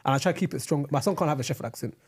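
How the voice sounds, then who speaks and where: A man's voice: fairly high pitch, slightly rough. A young man with a London accent, hosting a podcast in casual chat, joking and often restarting his sentences. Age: young adult. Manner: quick, joking, often restarts and repeats himself. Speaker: podcast host.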